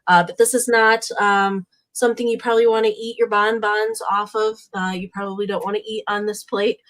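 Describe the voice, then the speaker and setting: A woman's voice: medium pitch, flat delivery, a bit bright. Woman selling vintage pieces with many ums. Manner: unhurried, with many uhs and ums. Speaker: live sale host and seller. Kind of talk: casual live sale pitch.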